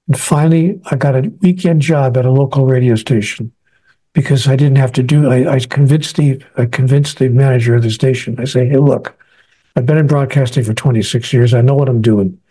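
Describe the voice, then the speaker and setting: Fields: Sex: man. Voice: mellow, husky. Role: author guest. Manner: earnest storyteller. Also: medium pitch, normal speed. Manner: earnest, acts out quoted speech. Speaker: author being interviewed. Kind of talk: storytelling interview answer.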